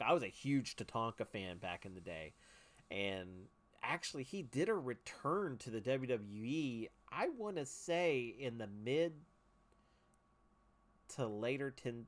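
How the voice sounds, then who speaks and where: A male podcast host in loose, casual conversation. He rambles along with eager enthusiasm and plenty of slang, in a voice of ordinary middle pitch. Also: fairly bright tone.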